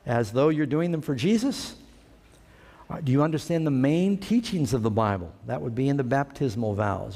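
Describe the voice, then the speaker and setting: A man preaches in a raised, higher voice, and the long reverb of a large hall trails after each phrase. He plays pastor, turning to his listeners with question after question and slipping into little acted sayings to make his point. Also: a little mellow. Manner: asks the congregation questions and acts out everyday sayings. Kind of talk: sermon.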